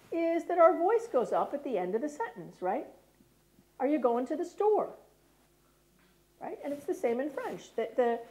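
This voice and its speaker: Lively high-voiced American woman lecturing. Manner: lively, checks in with "right?" often. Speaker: speaker. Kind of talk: lecture talk.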